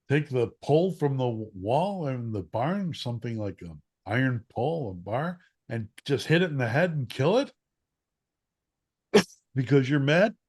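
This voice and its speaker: Man, interview guest, animated storytelling, quotes acted out, occasional coughs. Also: mid-range voice. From Chicago area. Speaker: guest, former newspaper columnist. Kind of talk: storytelling in casual conversation.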